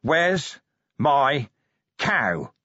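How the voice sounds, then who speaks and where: A man doing a battered middle-aged watch commander lost in delirium, droning slow childlike phrases. His husky voice leaps high into anguished cries. It sounds dull and dry, like an audiobook recording. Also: very animated, bright, forceful tone, no room sound, heavily acted. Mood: demanding. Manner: dazed, childlike chanting, rising to anguished wails.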